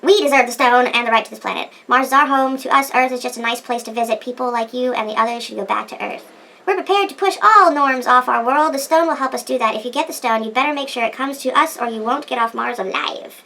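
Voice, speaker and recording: A woman's voice: high voice, quick pace, vocal fry, bright, forceful tone, heavily acted. A woman voicing a militant Martian settler who makes threats, reading game dialogue. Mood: threatening.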